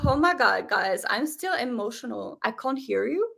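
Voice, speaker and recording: A woman chats on a live stream from her home setup, gushing and excitable, tumbling through fillers. Her voice sits high, with a gravelly fry running through it. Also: moderate pace. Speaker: live stream host reacting to a series. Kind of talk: casual live stream chat. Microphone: webcam setup.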